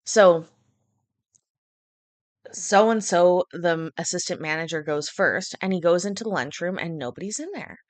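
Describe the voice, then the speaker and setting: A woman's voice: on the low side, a little slow, pauses often, dry recording. A woman streamer casually telling a rambling, profane story to her live stream.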